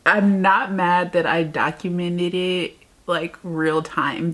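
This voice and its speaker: Woman, book vlogger, casual reading vlog, slow unhurried delivery, gravelly fry, rambling and exasperated. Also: on the low side, fairly bright tone. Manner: emotional, rambling, exasperated, laughs often.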